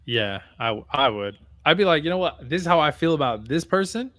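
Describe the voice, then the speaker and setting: Young male podcast co-host, relaxed storyteller, profane, dead-dry room. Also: a little high, a little fast, no echo. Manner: laid-back, laughs while telling stories, swears freely. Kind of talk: casual chat, storytelling.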